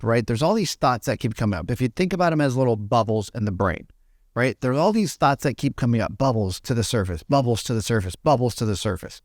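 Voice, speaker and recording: Male podcast guest, mid-pitched, dry close recording; animated motivational talker who loops phrases and tags lines with "right?". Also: no echo. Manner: animated, repeats phrases, keeps asking "right?"; acts out inner voices with high pitch jumps. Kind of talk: motivational explanation.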